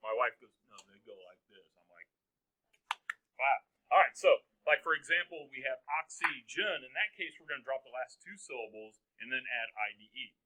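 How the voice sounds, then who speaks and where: Man, teacher lecturing a class; bright, joking, keeps asking students questions. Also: medium pitch, expressive, normal speed, poor audio. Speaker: high school chemistry teacher.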